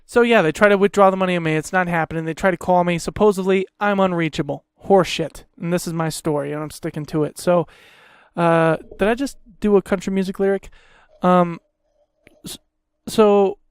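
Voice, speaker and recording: Young man, podcast host, angry rant, heavy swearing, sarcastic, smooth resonant voice, dry close sound. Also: high-pitched, fairly even intonation, moderate pace, no echo. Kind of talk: profane ranting monologue.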